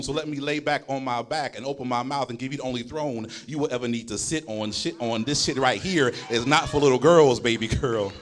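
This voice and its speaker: A man's voice: mid-range voice, fairly bright tone. A man performing explicit spoken word poetry live on stage, mixing song and banter with the crowd. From Oakland.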